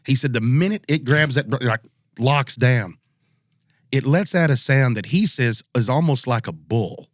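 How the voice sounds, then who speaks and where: A man's voice: mid-range voice, unhurried, dry recording, studio quality. A man telling a spooky hunting story on a podcast, slipping into the voices of the people he quotes. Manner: relaxed Southern storyteller, acts out quotes. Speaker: podcast co-host. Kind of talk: casual storytelling.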